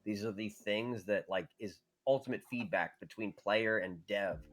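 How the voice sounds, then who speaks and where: A man's voice: fairly low pitch, moderate pace, fairly bright tone, soft background music. Rambling, profane male podcast host. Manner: profane, rambling, laughing, puts on voices in anecdotes. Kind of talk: casual gaming podcast chat.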